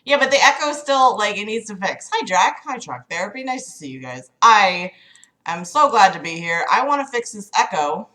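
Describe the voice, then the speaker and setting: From a room at home, a woman hosts a casual livestream in a mid-range, very animated voice with a sharp tone and normal speed. She chats with viewers in an exasperated, apologetic way and swears often.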